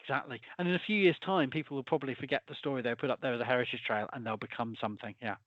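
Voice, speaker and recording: A man's voice: medium pitch, steady tone, racing, dry recording. A man as a guest in a casual chat, rambling, restarting his sentences and chuckling through asides. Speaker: guest folklorist. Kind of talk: casual conversation. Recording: dull, dry sound.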